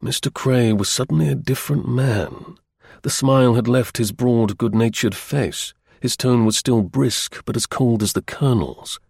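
A man reads an audiobook in a measured storytelling way. His voice is gravelly and husky, and his pitch rises and falls a great deal. The recording is dry, with no room sound. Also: darkish tone, no room sound. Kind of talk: audiobook narration.

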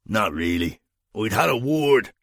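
A man doing a gravelly crook. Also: on the low side, sing-song, fairly bright tone, dry recording, clean studio sound, exaggerated voice. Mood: sarcastic. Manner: crude, swearing, quick to complain. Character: coarse, indignant Dublin criminal man.

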